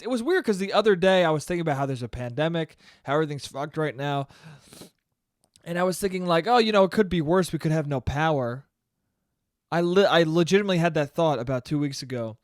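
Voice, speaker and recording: A man's voice: fairly high pitch, no echo, studio quality. A young man hosting a solo podcast, ranting in a profane, self-mocking way and mimicking whiny complaints. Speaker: podcast host. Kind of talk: solo comedic rant.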